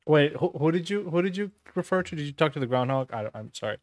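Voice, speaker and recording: Casting: a game master for a tabletop game, apologetic, with a lively, swooping voice. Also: mid-range voice, fast talker.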